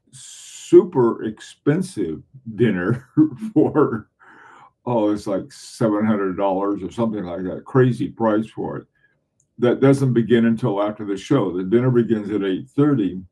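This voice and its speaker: A middle-aged man hosts a casual livestream, talking to his viewers in a rambling way, full of restarts and small chuckles. His voice sits low, with a mellow, relaxed tone. He comes from southern New England. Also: breathy edge. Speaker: livestream host.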